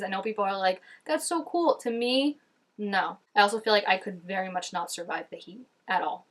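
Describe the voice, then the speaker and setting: A woman chats her way through a reaction video, commenting casually on scenes as they play. Her talk is loose and full of "like", and her voice sits at a medium pitch. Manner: chatty, frequent "like", reacting to scenes.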